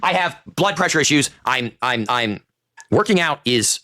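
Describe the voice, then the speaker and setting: A man's voice: medium pitch, expressive, moderate pace, bright, forceful tone, no echo, studio quality. A man in his thirties ranting in a vlog monologue, profane, exasperated and self-pitying. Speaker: online video maker.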